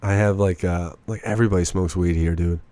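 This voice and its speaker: A man in his early twenties, a stand-up comedian from the Midwest, telling profane, animated stories in a casual podcast chat. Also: low voice, a little fast, no room sound. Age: early 20s. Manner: profane, animated storyteller who acts out what others said.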